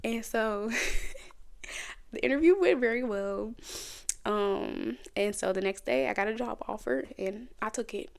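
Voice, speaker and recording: A woman with a fairly high, gravelly voice speaks at a moderate pace in a dry recording. She hosts her own podcast, chatting conversationally as she shares her personal testimony and teaches from the Bible.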